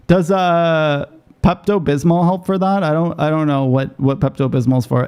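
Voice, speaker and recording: A man streaming a game, chatting rapidly and swearing freely as he plays. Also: fairly high pitch, a little mellow, smooth. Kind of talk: casual gaming commentary.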